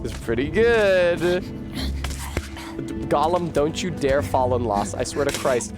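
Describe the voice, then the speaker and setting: A man's voice: mid-range voice, normal speed. A man giving live, joking, profane commentary while streaming a game. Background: game music.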